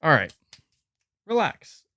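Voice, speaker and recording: This man's voice is slow, pushed and bright, captured dry as he hosts a relaxed gaming livestream into a nearby desk mic. His loose chatter is frequently interrupted by attempts to coax his cat.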